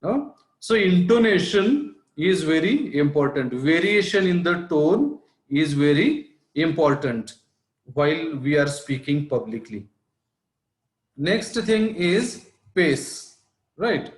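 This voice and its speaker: High-voiced lecturer in an echoey room. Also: male voice, sing-song, slow pace. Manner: explanatory, repeats points, asks rhetorical "right?". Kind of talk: online lecture on public speaking. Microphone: online class audio.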